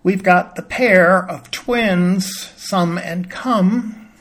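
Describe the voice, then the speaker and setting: A man calmly explaining a word's spelling and pronunciation in a patient, plain-spoken teaching manner. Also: high-pitched, extremely slow. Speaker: reading teacher. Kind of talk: explanatory lesson.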